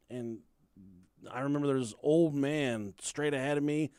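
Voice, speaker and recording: A man's voice: mid-range voice, measured pace, darkish tone, smooth, no room sound, studio quality. A man co-hosting a podcast, telling a crude childhood story in a rambling, casual way and laughing as he goes. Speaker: podcast co-host.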